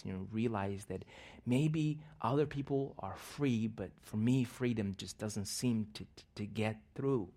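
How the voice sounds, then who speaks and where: With a mid-range voice, a man leads a church sermon that opens in prayer and turns into a personal story. He laughs often and moves back and forth between loud bursts and quiet asides.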